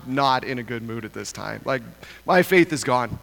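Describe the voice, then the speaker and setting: A pastor from Idaho telling a humorous, self-deprecating story in a sermon. He talks in an animated way and chuckles often. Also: mid-range voice, moderate pace, gravelly. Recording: long reverb of a large hall.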